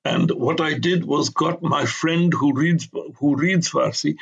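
A man's voice: a little high, a little slow, vocal fry, slightly rough, highs cut off. An older man, an author in a conversational interview, talking in an emphatic, digressive way and giving blunt opinions.

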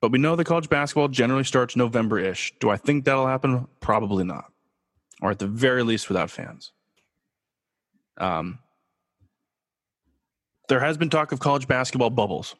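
A man hosts his own sports talk show in a loose, joking way, firing off rhetorical questions and answering them himself. His voice sits at an ordinary middle pitch. The sound carries a long reverb tail, as if he is recorded in a big hard room. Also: lively intonation, normal speed, pauses often, a bit bright. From Los Angeles, USA. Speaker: podcast host.

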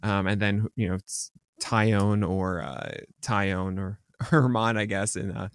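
A man's voice: on the low side, steady tone, clean tone, no room sound. A man co-hosting a sports podcast, talking casually and rambling, correcting himself as he goes. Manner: rambling, self-correcting, quick to joke. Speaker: podcast co-host. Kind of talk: casual chat.

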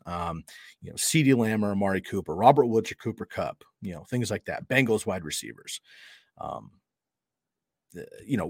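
A man's voice: lowish voice, a little mellow, no echo, studio quality. A middle-aged man hosting a podcast, telling a story in a casual, conversational way and acting out the quoted dialogue. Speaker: podcast host.

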